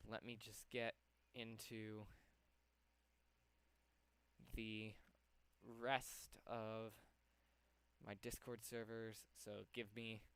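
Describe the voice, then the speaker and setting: A man's voice: on the low side, monotone, takes it slowly, fairly bright tone, smooth. A young man live-streaming from home, slightly out of breath, rambling with lots of ums as he works. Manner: rambling, lots of ums, talks to himself while working. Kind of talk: casual live-stream chat.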